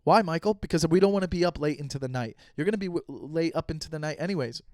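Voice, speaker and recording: A man's voice: on the high side, quick pace, darkish tone, no room sound, clean studio sound. A young man hosting a solo podcast, rambling and joking casually with lots of swearing. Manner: rambling, profane, joking asides. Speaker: podcast host.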